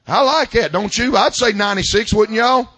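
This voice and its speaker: A male pastor preaching a sermon in a church service, folksy, swinging between loud shouted climaxes and quiet asides. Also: high voice, normal speed.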